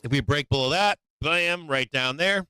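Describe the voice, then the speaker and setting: A man's voice: on the high side, moderate pace, bright, forceful tone, clean tone, no echo. A man hosting a stock market live stream, talking through charts live with blunt, swearing remarks and many restarts, a bit worn in the voice as he loses it. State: losing his voice.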